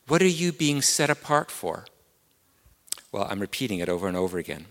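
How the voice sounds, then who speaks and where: A man's voice: medium pitch, lively intonation, moderate pace, fairly bright tone, in a large hall. A man with an English accent preaching a sermon as pastor, earnest and repeating key words, climbing to emphatic peaks.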